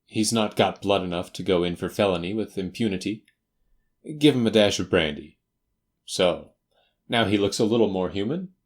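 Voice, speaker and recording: A man voicing a confident, faintly teasing detective in a crisp, assured manner for an audiobook. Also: sits low, moderate pace, close to an everyday voice. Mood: stern. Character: brisk, confident male detective. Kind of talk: audiobook character voice.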